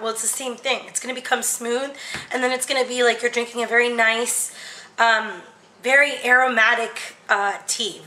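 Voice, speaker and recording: A woman's voice: a little high, pushed and bright, poor audio. A woman chatting casually as she talks viewers through a demonstration, step by step. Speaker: vlogger.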